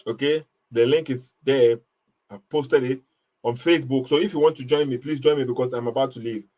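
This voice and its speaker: Brisk and darkish in tone, with medium pitch and fairly even intonation, this live stream host runs an online debate, pressing his points emphatically and ridiculing the caller's argument in a casual way.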